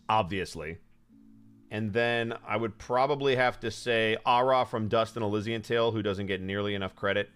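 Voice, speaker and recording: A male voice actor in a casual live question-and-answer chat while signing autographs. He talks in a joking, animated way and often jumps up in pitch. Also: clear, resonant tone.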